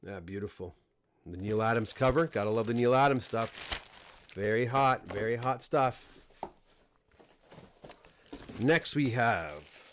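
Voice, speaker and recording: A middle-aged Canadian man hosting a casual livestream unboxing, talking in a relaxed, rambling way with frequent restarts and fillers. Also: mid-range voice, slight background noise. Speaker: comic book dealer and host. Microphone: desk microphone close up.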